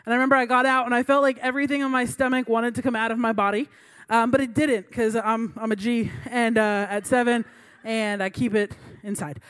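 High-voiced young woman preaching with jokes. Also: fairly even intonation, fairly quick, hardly any pauses, a bit bright, clear, resonant tone. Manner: chatty, self-mocking, laughs between lines. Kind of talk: humorous sermon storytelling.

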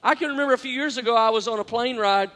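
A man preaching a sermon as a pastor, earnest and self-deprecating, repeating phrases for emphasis and swinging between quiet and loud. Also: very high-pitched, racing. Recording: long echoing hall reverb.

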